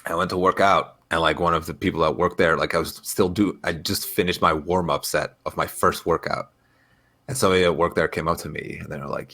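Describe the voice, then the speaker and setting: Low-pitched and a little fast, this man's voice has a sharp edge and some vocal fry, with fairly even intonation. He co-hosts a casual podcast, telling stories packed with fillers and laughing often.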